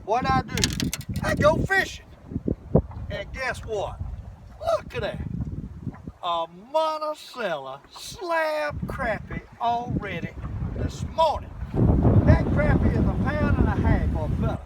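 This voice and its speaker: An older man filming himself fishing from a boat, talking to the camera in a folksy, excitable way and exclaiming often. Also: extremely high pitch, slow. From Southern US. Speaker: fishing vlogger. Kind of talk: excited outdoor fishing vlog. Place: small boat on a lake outdoors, windy. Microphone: camera mic in the wind. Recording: distant camera mic with wind noise. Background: wind and boat noise.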